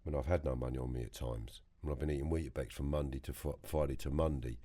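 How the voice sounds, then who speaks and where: Deep-voiced London man telling stories. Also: fast. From England. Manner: animated anecdotes, acts out quoted voices, swears freely. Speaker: interview guest. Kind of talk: storytelling interview. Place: podcast studio.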